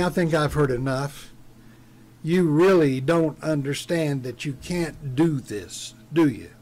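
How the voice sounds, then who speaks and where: A man doing a calm, firm deputy. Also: a little high. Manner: calm, measured. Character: calm firm small-town male deputy.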